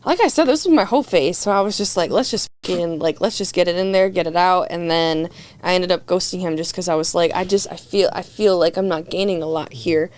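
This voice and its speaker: A woman's voice: lowish voice, a little fast, a little mellow. Candid young woman telling a dating story. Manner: candid, profane, heavy "like" filler, acts out quotes. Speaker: podcast guest. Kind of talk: casual storytelling chat.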